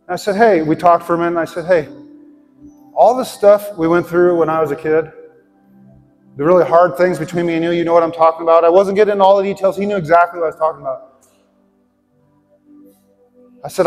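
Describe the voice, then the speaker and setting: A man's voice: on the high side, fairly even intonation, fast talker, pauses often. A male pastor giving an earnest, heartfelt sermon built around a personal story and ending in prayer. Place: church sanctuary. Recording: long hall reverb, faint music.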